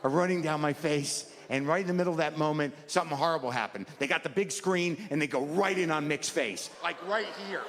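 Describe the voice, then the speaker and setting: This male comic's voice sits on the high side, and he talks fairly quickly with barely a pause as he works through a self-deprecating, stumbling, meandering tale. He's performing stand-up before an audience in an echoey live hall, and the background is noisy.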